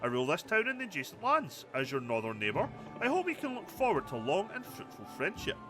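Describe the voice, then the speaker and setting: A man voicing a genial older male lord mayor in a game, with smooth, flattering talk. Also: a little high, fast, over music, voice pushed up.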